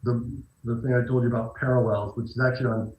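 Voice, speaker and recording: A man's voice: medium pitch, flat delivery, fast, a little hiss or hum. Guy actor on a talk show, thoughtful, tells stories, kinda echoey dull audio. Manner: reflective, storytelling with restarts. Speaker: actor guest. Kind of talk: casual interview talk.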